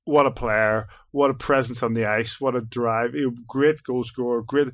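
A man hosting a casual sports podcast, leading the chat and telling lively stories. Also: mid-range voice, moderate pace, no room sound, clean studio sound. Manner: animated storyteller, leads the discussion. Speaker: podcast host.

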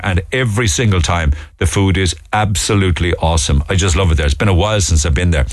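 A low-voiced man hosts a casual radio chat, his pitch swinging widely as he reads out messages and price lists. The studio sound is dry and close, with no room around him. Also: no room sound. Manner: animated, reads listener messages and menu lists aloud. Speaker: radio show host. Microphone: studio microphone.

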